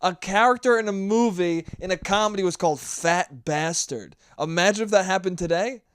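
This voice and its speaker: A man's voice: sits high, normal speed, clear, resonant tone, no room sound, clean studio sound. A man hosting a solo podcast, rambling and profane in a casual, self-mocking monologue. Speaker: podcast host.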